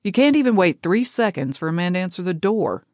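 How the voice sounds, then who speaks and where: A blunt, teasing young man drawls dry remarks, as a female audiobook narrator voices him. The voice sits low, and the recording is dry and close. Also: big pitch swings, brisk, no echo.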